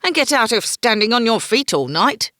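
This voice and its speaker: A woman's voice: sits high, very animated, measured pace, a bit bright, no echo, clean studio sound, voice pushed up, heavily acted. A woman voicing a young, emotional male palace guard who whines and chokes up. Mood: whiny. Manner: whiny, choked up.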